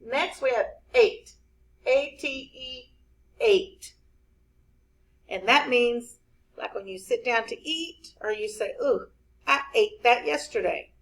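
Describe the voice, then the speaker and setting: A woman teacher leading a spelling lesson for young children, spelling each word slowly letter by letter. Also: a little high, rough recording. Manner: slow, clear, spelling words out letter by letter.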